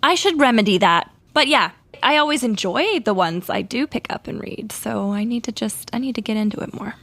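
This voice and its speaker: A woman co-hosting a casual book podcast, talking in a relaxed, matter-of-fact way. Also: fairly high pitch, fairly quick, no echo. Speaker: podcast co-host. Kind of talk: casual chat.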